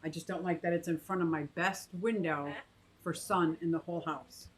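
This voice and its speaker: Woman in her fifties, fairly low voice, rambling casual talk, thinking aloud, lots of restarts. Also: steady tone, moderate pace, poor audio. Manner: coos in a high sing-song to her pet bird. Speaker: aquarium vlogger. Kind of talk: casual chat to camera and live chat.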